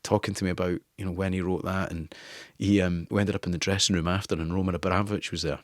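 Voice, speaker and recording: Low-voiced Scottish man telling stories. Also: flat delivery, fast talker, no echo, studio quality. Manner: swearing, laughing storyteller. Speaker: guest, former newspaper editor. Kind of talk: casual interview anecdotes.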